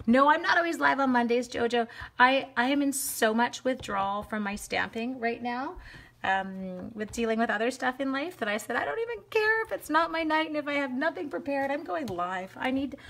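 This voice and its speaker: A woman's voice: sits high, lively intonation, moderate pace, creaky, a bit bright. Bubbly woman chatting through a craft demo. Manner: chatty, bubbly, talks to viewers by name, narrates each step. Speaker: stamping demonstrator live-streaming. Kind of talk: casual live crafting demo.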